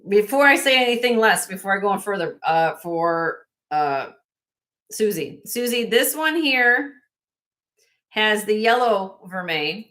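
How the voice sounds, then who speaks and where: A woman's voice: mid-range voice, animated, unhurried, a bit bright. A woman hosting a casual live-stream jewelry sale, chatty and self-correcting, laughing often as she shows pieces to viewers.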